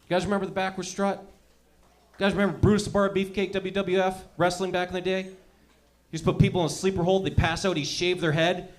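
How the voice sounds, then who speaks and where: A young adult man doing a profane, rambling stand-up comedy set, telling animated stories to a crowd. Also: sits high.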